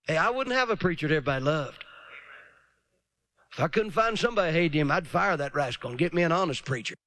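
A man's voice: fairly high pitch, expressive, fast, pushed and bright, no room sound. A man preaching a dramatic sermon, often mocking others in put-on voices.

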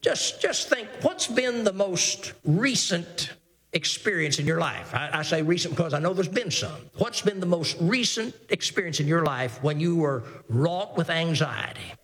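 Preaching earnestly, a high-voiced pastor piles on repetitions and trips into restarts, occasionally reciting old scripture in formal wording. He's expressive, speaks at normal speed, and sounds a bit bright.

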